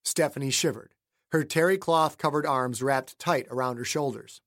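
A man's voice: mid-range voice, moderate pace, fairly bright tone. Man narrating a suspense story. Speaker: audiobook narrator. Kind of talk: scripted narration.

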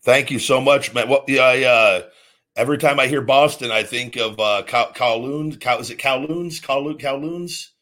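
A man's voice: mid-range voice, normal speed, a bit bright. A man hosting a call-in show, telling stories bluntly and swearing freely. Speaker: podcast host taking callers. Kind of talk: casual profane storytelling.

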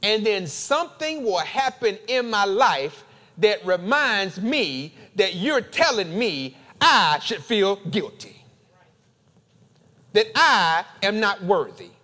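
A male pastor preaching a sermon, building emphatic repeated phrases and then dropping to quiet, confessional tones. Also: high-pitched, very animated, slow pace. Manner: emphatic preaching with dramatic repetition.

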